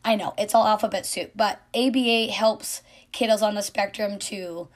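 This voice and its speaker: Mother in her thirties, earnest heartfelt monologue, soft with whispered asides, mid pitch. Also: steady tone, normal speed. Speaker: mother of an autistic son. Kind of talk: personal reflective monologue.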